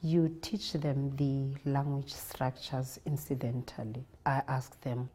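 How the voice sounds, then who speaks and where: A South African woman, a primary school teacher, calmly explaining how she teaches her lessons. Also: rumbling low, slow, slight background noise. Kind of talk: reflective interview narration.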